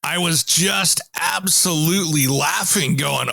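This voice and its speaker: A man's voice: on the high side, unhurried, vocal fry, few pauses, dry recording. A man hosting a home improvement show, telling stories in a casual chat and acting out the people he quotes. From Pacific Northwest, US. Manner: animated storyteller, acts out quotes.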